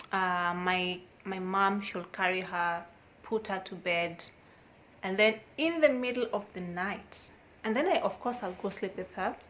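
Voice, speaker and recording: A young woman speaks straight to the camera in a candid personal vlog. She talks in an emotional, confiding and outspoken way. Her voice sits at a medium pitch, and faint background noise runs underneath. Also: fairly bright tone. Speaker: vlogger.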